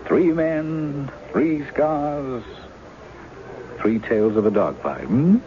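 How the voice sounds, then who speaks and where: A man's voice: mid-range voice, slow pace, slight background noise, close to an everyday voice. An actor playing a charming male impostor in a 1970s radio drama, wry and teasing, often laughing. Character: charming male impostor, a blocked novelist posing as a husband. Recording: dull old radio broadcast with music.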